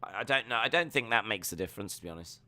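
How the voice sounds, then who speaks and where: A man's voice: lowish voice, lively intonation, very fast, bright, forceful tone. A young man streaming a live wrestling watch-along, joking, rambling and reading viewer comments aloud.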